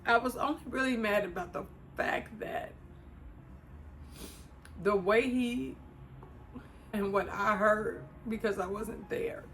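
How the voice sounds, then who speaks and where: A woman's voice: medium pitch, slow pace, pauses often, fairly bright tone, slight background noise. A woman from Chicago talking casually to her viewers in a personal vlog. She is emotional and close to tears. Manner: emotional, fighting back tears, talks to viewers as "y'all". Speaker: vlogger. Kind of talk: casual personal talk to camera.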